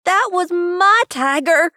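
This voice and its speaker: Woman as anguished young boy: high, strained, drawn-out yells. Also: lively intonation, no echo, clean studio sound, heavily acted. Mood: anguished rage. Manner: screaming, slow and strained. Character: grieving furious young boy.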